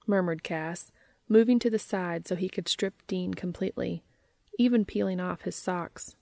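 A woman reading a romance story aloud in a calm, steady narrating voice. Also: fairly low pitch, normal speed, creaky, no room sound. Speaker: fan fiction reader.

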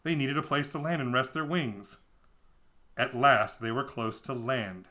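A man's voice: medium pitch, measured pace, a crowd in the background. A man co-hosting a comedy podcast, reading a children's book aloud with wry, amused asides.

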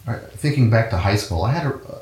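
A man's voice: fairly low pitch, expressive, fast talker, a little mellow, reverberant. A man being interviewed about his path into music, talking casually and telling stories with many restarts and fillers. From Cincinnati, USA. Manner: rambling storyteller with frequent restarts and fillers. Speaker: guest musician, trumpet player.

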